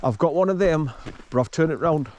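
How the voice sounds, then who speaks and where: A man vlogging outdoors in a forest, with the camera on his chest harness, explaining things in a halting, rambling way and coaxing his dog along. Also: a little high, expressive, darkish tone, a little hiss or hum. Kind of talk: casual walking vlog.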